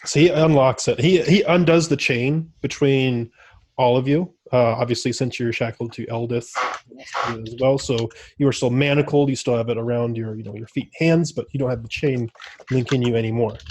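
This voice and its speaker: A man's voice: mid-range voice, normal speed, darkish tone. A man running a tabletop game as game master, narrating in a casual, rambling way and laughing often.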